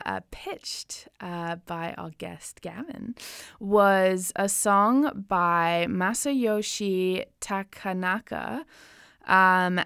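A woman's voice: medium pitch, creaky, pushed and bright, smooth, no room sound, studio quality. A woman hosting a casual, chatty music show, with frequent fillers and self-deprecating asides. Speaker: podcast host. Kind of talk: casual chat about music.

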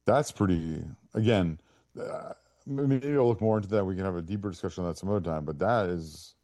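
A man's voice: low-pitched, brisk, dark tone, no echo, studio quality. A man hosting a casual football chat, rambling and restarting as he reads from his notes. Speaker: host.

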